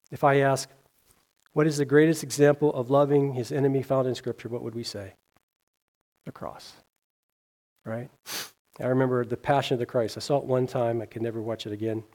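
Earnest male preacher with a mellow voice. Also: steady tone, moderate pace, pauses often. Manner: earnest, rising on scripture and dropping low at line ends; reads scripture aloud, with small slips and restarts. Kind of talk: sermon.

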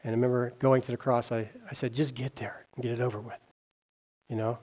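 A man preaching a sermon, reading scripture aloud and asking his listeners questions. He talks earnestly, lifting his voice on key phrases and letting it fall soft at the ends of lines. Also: flat delivery, fast. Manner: earnest, rising on scripture and dropping low at line ends; reads scripture aloud, with small slips and restarts.

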